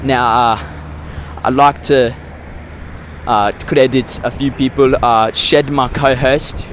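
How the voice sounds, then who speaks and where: A man hosting a comedy podcast in a mock South African accent, telling absurd stories in a meandering, deadpan way, full of hesitations. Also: mid-range voice, takes it slowly, slight background noise. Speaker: podcast host. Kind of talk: rambling comedic podcast monologue.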